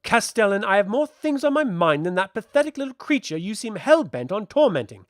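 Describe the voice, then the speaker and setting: A man reading aloud and voicing a proud, fiery young princess who speaks in a sharp, cutting, commanding way. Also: on the high side, very animated, unhurried, no echo, studio quality. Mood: angry.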